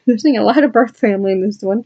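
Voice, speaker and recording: A woman's voice: medium pitch, fast, warm tone, dull audio. A woman vlogger chatting casually and with enthusiasm as she flips through her journal, adding asides to her viewers. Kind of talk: casual rambling chat.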